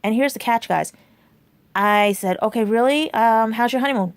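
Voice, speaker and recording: Speaking briskly in a fairly high voice, a woman in her forties rambles through a personal story for her viewers. The vlog is chatty and sprinkled with "right?" and "and everything," recorded with no room sound.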